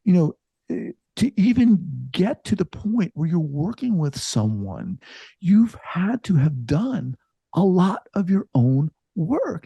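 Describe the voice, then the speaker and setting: A middle-aged man, a psychologist, talking reflectively in an interview, halting and restarting as he thinks aloud. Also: high voice, slightly rough, dry recording. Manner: reflective, halting, many restarts, lively emphasis. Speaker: psychologist and podcast host, guest here. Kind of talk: casual interview conversation.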